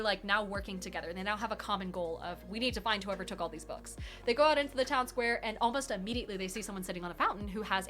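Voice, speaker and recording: A woman hosting a live question-and-answer stream, talking very fast in casual, rambling chat with lots of fillers. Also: mid-range voice, a bit bright. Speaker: livestream host answering tabletop game questions.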